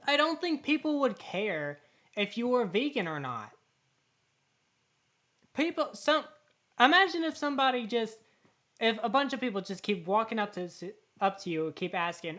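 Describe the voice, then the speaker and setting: A woman's voice: fairly high pitch, very animated, normal speed, long pauses, a bit bright. A woman hosting a reaction video, talking back indignantly to the clip she watches. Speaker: reaction channel host. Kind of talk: casual reaction commentary.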